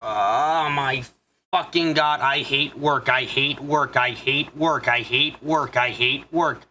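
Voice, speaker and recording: A man's voice: mid-range voice, slow, bright, forceful tone, a little hiss or hum. A young man hosting a game playthrough, venting in a profane, exasperated rant. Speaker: let's play host. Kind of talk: casual gameplay commentary, venting.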